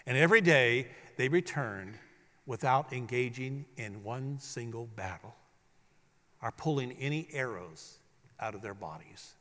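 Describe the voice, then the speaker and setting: A man's voice: mid-range voice, expressive, measured pace, pushed and bright. A man preaching a sermon as pastor, leading the congregation in repeating lines back to him. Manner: preaching, leads the congregation in call-and-response. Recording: echoey hall.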